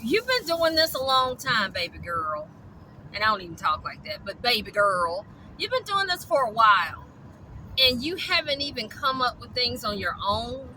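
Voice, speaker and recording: A woman from rants straight to camera, blunt and profane. Her voice is sharp and very bright, pitched a little high. Faint street noise hums behind her. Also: big pitch swings, normal speed, low-quality recording. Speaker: dog rescuer. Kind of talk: angry ranting vlog.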